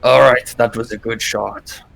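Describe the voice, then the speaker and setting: A man's voice: medium pitch, fairly even intonation, a little slow, gravelly, fairly bright tone, poor audio. A man voicing a boisterous dwarf warrior who teases his sparring partner. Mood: jovial. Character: boisterous male dwarf warrior with a huge hammer.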